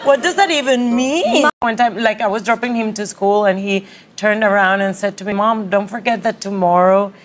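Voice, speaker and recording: A woman telling casual stories about her son in a laughing, animated way. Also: medium pitch, moderate pace, hardly any pauses. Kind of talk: casual anecdote.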